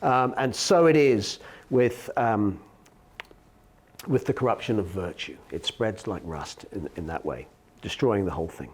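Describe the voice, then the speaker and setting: A man, an academic lecturer, giving a philosophy lecture in a measured, explanatory way, often pausing on fillers and correcting himself mid-sentence. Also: on the low side, animated, a little hiss or hum.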